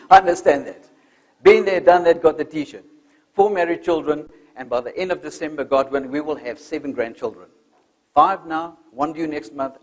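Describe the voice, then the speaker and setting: An older man giving a motivational talk, telling stories in an animated way and acting out voices. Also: a little high, husky. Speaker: motivational speaker.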